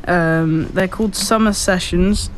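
A man co-hosting a radio show, reading out local event listings in a relaxed, hesitant way, with many ums and self-corrections. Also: high voice, measured pace, a little hiss or hum. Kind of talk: casual radio chat.

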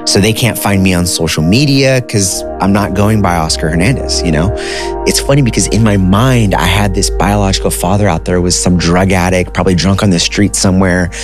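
Low-voiced man telling a personal story. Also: a little fast, music in the background. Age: 30s. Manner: animated, conversational, says dude and like. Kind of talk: casual storytelling.

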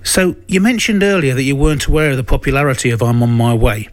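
A man's voice: mid-range voice, fast, no echo. A British man hosting a radio interview, asking easygoing questions and offering brief encouraging replies.

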